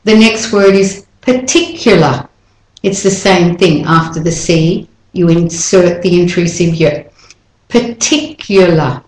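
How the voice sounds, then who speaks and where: A woman leads a pronunciation lesson, speaking slowly and carefully as she models each word and says it again. Her voice sits a little low and sounds roomy, as if recorded in an echoey space. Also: a little mellow. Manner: demonstrates words slowly, repeating them. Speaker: English accent teacher.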